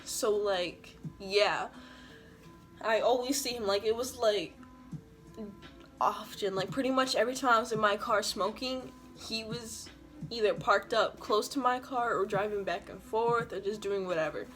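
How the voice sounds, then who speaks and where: A woman's voice: mid-range voice, a little slow, a bit bright, faint music behind. A young woman telling a casual storytime vlog, slangy and full of swearing and "like" fillers. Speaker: vlogger.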